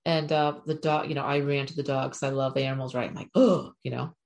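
A woman's voice: a bass voice, little pitch movement, fast talker, creaky. A middle-aged woman, an animal communicator, giving a chatty, frank spiritual talk to her viewers with casual swearing.

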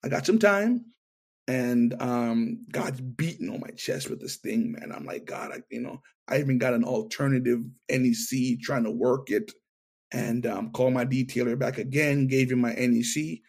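Middle-aged guy telling his story in an interview, gravelly husky voice, acts out all the dialogue. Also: mid-range voice, fairly even intonation, normal speed, darkish tone. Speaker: interview guest. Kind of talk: testimony interview.

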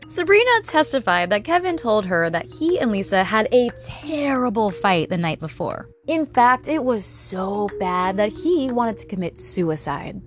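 A woman's voice: medium pitch, big pitch swings, a little slow, hardly any pauses, soft background music. A woman hosting a true crime podcast, telling the case in a casual, conversational way with dry, sarcastic asides.

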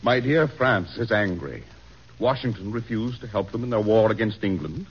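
A man's voice: lowish voice, animated, moderate pace, a little hiss or hum. A man playing a doubtful, weary president in a vintage radio drama. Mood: troubled. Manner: brooding, doubtful. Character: troubled, weary president, middle-aged. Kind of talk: 1940s radio acting. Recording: dull old radio recording.

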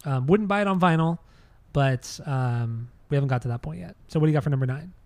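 A man with a slightly higher voice rambles in a laid-back way while co-hosting a casual podcast, laughing easily between points. The recording is dry and close. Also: fast talker, a little mellow, dry recording. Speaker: podcast co-host. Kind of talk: casual chat.

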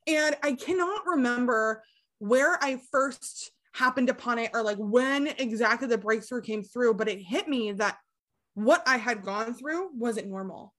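A woman's voice: a little high, a little slow, fairly bright tone. A young woman, a recovery coach, candidly telling her story as a podcast guest, with lots of fillers and casual swearing.

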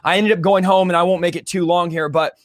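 Fast-talking high-voiced man, fervent. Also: fairly even intonation, dry recording, studio quality. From California. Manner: fervent, rapid, casual slang like "bro" and "dude". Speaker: guest telling his testimony. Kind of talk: conversational interview storytelling.

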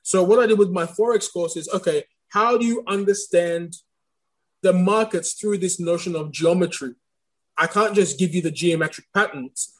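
A man's voice: high-pitched, moderate pace, poor audio. A man with a slight speech impediment, talking as an interview guest in an earnest, searching way, often restarting his sentences. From Australia. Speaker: guest, course creator and preacher. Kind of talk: reflective interview talk.

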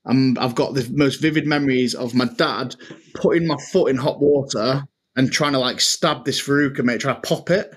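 A man's voice: medium pitch, moderate pace. A man, co-hosting a casual podcast chat and telling stories with laughs, calling his co-host mate. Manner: chatty, laughing storyteller, says "mate" a lot.

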